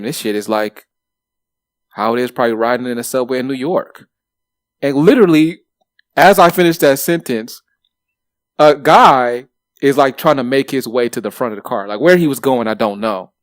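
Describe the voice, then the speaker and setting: A man in his thirties co-hosting a podcast, telling stories in a lively way with plenty of swearing and fillers. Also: medium pitch, no room sound, clean studio sound. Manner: animated, swears freely, lots of fillers. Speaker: podcast co-host. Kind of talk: casual chat, storytelling.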